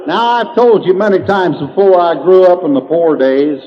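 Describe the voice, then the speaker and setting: Older country guy telling jokes, drawly, kinda high voice, muffled old tape. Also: lively intonation, moderate pace. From Indiana, USA. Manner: drawling, chuckles at his own punchlines. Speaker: country humorist. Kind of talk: folksy comedic storytelling. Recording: dull lo-fi 1990s tape with faint hiss.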